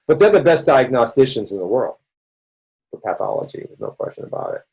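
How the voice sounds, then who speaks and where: A man's voice: mid-range voice, sing-song, brisk, gravelly, darkish tone, slightly rough, low-quality recording. Male presenter, Boston accent, loose rambling lecture delivery with frequent restarts. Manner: conversational, rambling explainer with restarts. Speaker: doctor presenting a health session.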